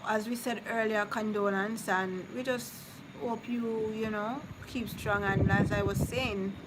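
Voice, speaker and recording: A woman's voice: mid-range voice, steady tone, measured pace. A woman chatting casually with viewers on a live stream, consoling some and teasing others. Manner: chatty, consoling then teasing, drifts between topics. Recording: noticeable background noise.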